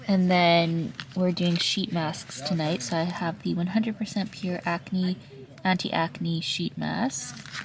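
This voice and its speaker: A woman from Canada chatting casually as she vlogs from a camping tent on an island, relaxed and giggly, recorded on a handheld camera. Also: on the low side. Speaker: vlogger. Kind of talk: casual vlog narration. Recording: noisy outdoor camp recording.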